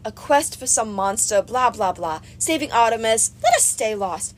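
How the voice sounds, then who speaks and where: High swooping goddess of love as a woman reads her, vain, gushing, audiobook. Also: lively intonation, normal speed, slight background noise, lightly acted. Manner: breathy, swooning, dramatic and doting. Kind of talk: audiobook reading.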